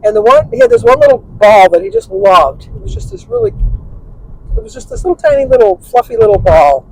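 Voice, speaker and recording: An older woman talking to her vlog from the driver's seat, wandering from story to story and backtracking to fix details as she goes. Her voice sits fairly high. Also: huge pitch swings, brisk, creaky, darkish tone, a little hiss or hum, low-quality recording. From Michigan. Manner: chatty, meandering, self-correcting storyteller. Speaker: vlogger. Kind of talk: rambling casual chat. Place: in a car while driving.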